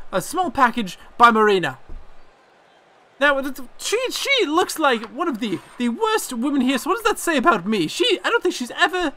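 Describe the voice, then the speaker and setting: A man's voice: bright, forceful tone, exaggerated voice. Man doing a brash mock-Irish woman wrestler. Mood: aggrieved. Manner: brash trash talk, higher than his own voice. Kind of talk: video game role-play promo.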